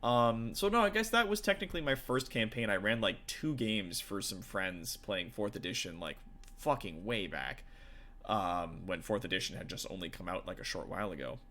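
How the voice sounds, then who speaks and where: A man's voice: lowish voice, expressive, normal speed, a bit bright. A man, a tabletop game master and streamer, chatting casually with viewers in a rambling, profane way full of fillers.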